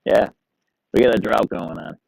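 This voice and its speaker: A man's voice: moderate pace, a little mellow, poor audio. A middle-aged man hosting a live stream, chatting casually and rambling in an easygoing way to his viewers. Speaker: livestream host.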